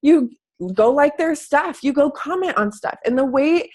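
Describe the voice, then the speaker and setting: Young woman fitness coach talking casually, chatty and animated, plays out people's inner thoughts. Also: high voice, unhurried. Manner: chatty, animated, acts out squealing quoted thoughts. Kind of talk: casual coaching talk to camera.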